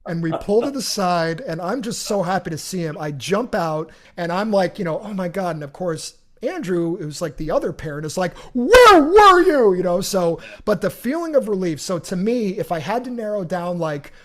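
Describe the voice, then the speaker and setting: A middle-aged man hosting a podcast, telling a long personal story in an animated, rambling way with many restarts. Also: sits high, normal speed, hardly any pauses. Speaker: podcast host. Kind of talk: casual storytelling.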